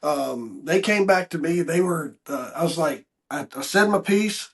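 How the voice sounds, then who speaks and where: A man's voice: on the high side, lively intonation, measured pace. A man hosting a podcast, talking casually in a rambling, hesitant way with lots of ums. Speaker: podcast host. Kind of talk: casual interview chat.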